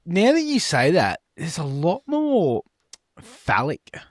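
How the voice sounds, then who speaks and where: A man's voice: on the high side, slow pace, no room sound, clean studio sound. A man co-hosting a sports podcast, swearing and joking wryly, reading out spoof headlines. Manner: swearing, wry and deadpan. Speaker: podcast co-host. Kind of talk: casual chat, reading comic fake news.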